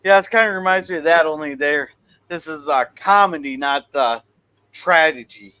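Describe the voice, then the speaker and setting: A man's voice: fairly high pitch, normal speed, pushed and bright, clear, resonant tone, no echo, rough recording. A man joining a casual panel talk, searching for words as he chats. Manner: gropes for words, chatty. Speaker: panel guest. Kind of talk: casual chat.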